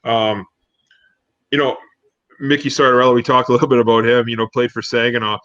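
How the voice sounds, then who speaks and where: This sports talk co-host has a mid-range, somewhat bright voice with fairly even intonation, and he talks a little fast. His casual chat wanders through rambling stories full of fillers, and the recording sounds dull, dry and lo-fi.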